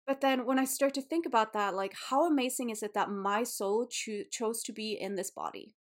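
A woman's voice: fairly high pitch, normal speed. Candid woman yoga teacher podcasting. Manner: candid, emotional, swears casually. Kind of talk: casual solo podcast talk.

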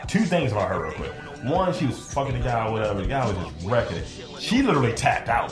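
A man tells crude stories on a casual podcast, his pitch swooping as he acts out each person in them. The room is echoey and music plays behind him. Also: fast. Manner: animated storytelling with lots of impressions. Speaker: podcast co-host. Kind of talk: casual explicit podcast banter.

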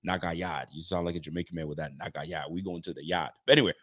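Speaking quickly in a low-pitched, fairly bright voice, a man hosts a late-night post-game reaction livestream as a sports fan show host. He rants with emphasis but keeps his volume down despite being fired up, reading viewer messages aloud and replying to each.

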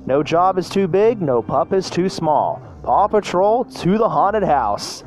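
A man's voice: mid-range voice, huge pitch swings, normal speed, darkish tone. A man reading a fan storybook aloud, voicing a cheerful young male leader of a team of rescue pups. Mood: rallying.

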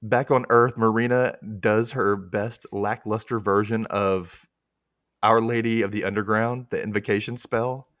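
A man's voice: on the low side, measured pace, dry recording, dull audio. A man hosting a podcast, casually recapping a TV episode and acting out the characters' lines as he goes. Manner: animated storytelling, acts out quotes, laughs often.

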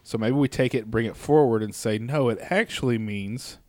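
A man's voice: mid-range voice, normal speed, darkish tone, dry recording. Rambling man co-hosting a comedy podcast. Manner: rambling, laughs along. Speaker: podcast co-host. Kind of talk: irreverent comedic banter.

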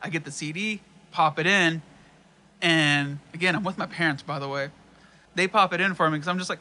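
A young man in casual chat, telling profane, animated stories and acting out what people said. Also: on the high side, brisk. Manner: profane, animated storytelling with quoted asides.

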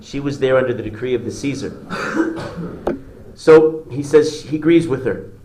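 A male religious teacher tells a story in a halting way, often restarting his phrases. His voice rings in an echoey room with a faint hiss behind it. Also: medium pitch. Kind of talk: storytelling Torah class.

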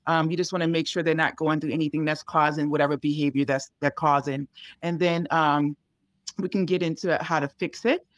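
A woman's voice: sits low, steady tone, fairly quick, dry recording, studio quality. A woman dog trainer giving casual advice in a conversation, explaining in a chatty way full of fillers like um and you know.

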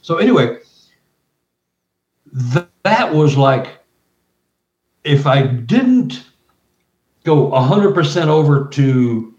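A man, a guest researcher and author, telling an excited story full of quoted dialogue and restarts. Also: on the high side, slow, long pauses. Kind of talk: animated storytelling. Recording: roomy, distant, dull remote audio.

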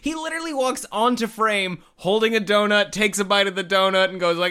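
A man co-hosting a casual podcast, talking about movies in an animated, rambling way and swearing freely. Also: sits high, brisk, few pauses, clean tone. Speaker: podcast co-host. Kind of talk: casual movie review chat.

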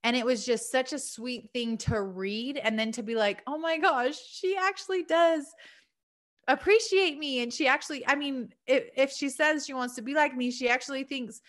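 Speaking fairly quickly with few pauses, a woman in her thirties uses a fairly high, steady, slightly bright voice. As a mom podcaster, she gives listeners a casual and heartfelt monologue that's earnest, chatty, and full of fillers.

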